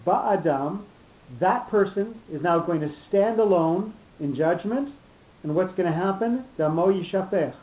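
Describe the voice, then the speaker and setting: A man teaching a Torah study class, explaining slowly and often repeating his words. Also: a little high. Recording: roomy lo-fi class recording.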